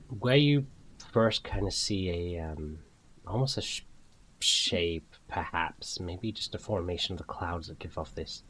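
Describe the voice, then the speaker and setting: A man's voice: sits low, a little hiss or hum. A man running a tabletop game as game master, narrating scenes descriptively with fillers.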